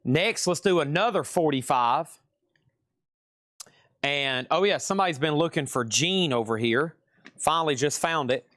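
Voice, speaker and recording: A man's voice: a little high, moderate pace, long pauses, fairly bright tone, no echo. A man with a Southern US accent hosting a live record sale, in chatty, rambling patter that often corrects itself. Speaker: live-stream record seller. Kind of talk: casual live sales patter.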